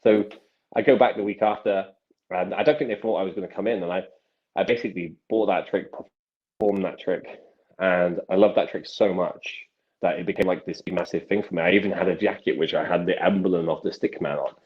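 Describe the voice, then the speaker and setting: A man's voice: low-pitched, steady tone, brisk, dull audio. A man in his thirties, a magician guest, telling stories in casual interview chat with many restarts and acted quotes.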